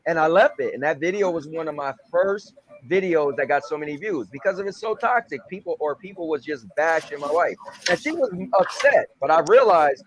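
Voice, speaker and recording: A man's voice: sits high, a little fast, no room sound. A young man chatting on a podcast, telling stories and acting out the people in them. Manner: animated storyteller acting out quotes. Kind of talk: casual chat.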